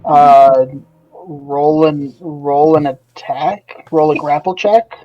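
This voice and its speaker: A man's voice: fairly high pitch, fairly even intonation, takes it slowly, mellow, faint music behind. A man playing a tabletop game, talking hesitantly with many fillers. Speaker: player. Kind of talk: casual tabletop play. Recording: dull lo-fi stream audio.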